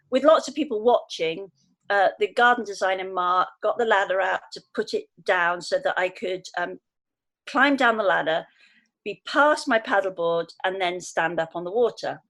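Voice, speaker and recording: A woman in her fifties from England, speaking as a guest on a conversational podcast. She tells her stories in an animated way and brings the people she quotes to life in her voice. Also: mid-range voice. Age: 50s.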